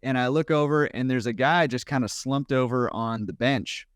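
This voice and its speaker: A man telling a story on a podcast with quick, animated energy and a mid-range voice. The sound is dry and close. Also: medium pitch, smooth, dry recording. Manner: animated, quick, laughing at his own story. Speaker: podcast guest. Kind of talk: casual storytelling.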